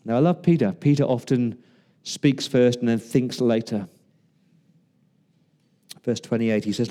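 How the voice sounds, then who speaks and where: A man's voice: medium pitch, dark tone. A man preaching a sermon in a conversational way, asking the listeners questions and acting out quoted lines. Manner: conversational preaching with rhetorical questions and dramatic pauses; acts out quoted lines in varied voices. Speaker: pastor.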